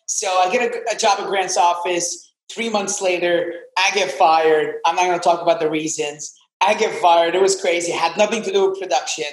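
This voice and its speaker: A man in his twenties, a podcast guest, telling his story in an animated, casual way and swearing freely. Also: high-pitched, a little fast, hardly any pauses, echoey room, rough recording. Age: 20s.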